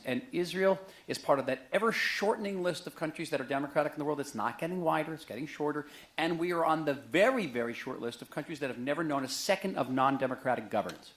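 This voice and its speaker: Joking middle-aged man lecturing an audience. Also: a little high. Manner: conversational, joking, animated storytelling. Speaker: author giving a book talk. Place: museum auditorium with a live audience.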